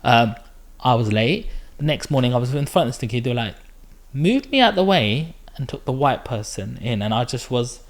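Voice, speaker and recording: Animated man. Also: mid-range voice, moderate pace. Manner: animated storyteller, acts out quotes. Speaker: podcast host. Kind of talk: casual interview chat.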